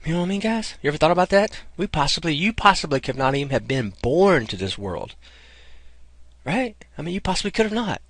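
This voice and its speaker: Chatty man, animated vlog. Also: a little high, fairly quick, dry recording. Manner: chatty, keeps saying "guys" and "man". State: getting over a cold, coughs. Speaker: vlogger promoting an online income program. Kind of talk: rambling casual vlog talk. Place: outdoors.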